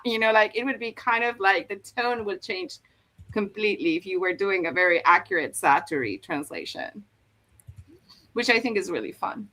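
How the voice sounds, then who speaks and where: A woman's voice: medium pitch, expressive, normal speed, pushed and bright. A woman hosting a live stream, explaining language points in a chatty way with many fillers and restarts. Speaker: host explaining Korean dialects. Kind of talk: casual live-stream chat.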